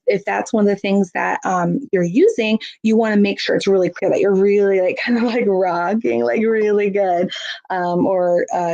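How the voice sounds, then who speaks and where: A woman's voice: mid-range voice, a little mellow. A woman giving a casual parenting lesson, chatty and full of fillers, acting out feelings with a bigger voice. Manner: chatty, many fillers, acts out emotions in bigger voice. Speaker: parenting educator. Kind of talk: casual instructional talk. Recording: dull lo-fi audio.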